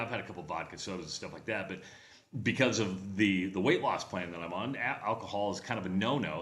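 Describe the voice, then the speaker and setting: A man's voice: lowish voice, fairly bright tone, echoey room. A man co-hosting a radio show, telling a travel story in casual chat and acting out the voices of people he quotes. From Nebraska.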